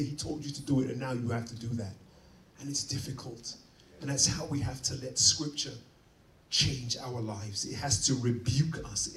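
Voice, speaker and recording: A man's voice: medium pitch, distant mic. Man preaching in a roomy hall. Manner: dynamic delivery swinging from quiet to loud emphatic. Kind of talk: sermon. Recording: roomy, from off-mic.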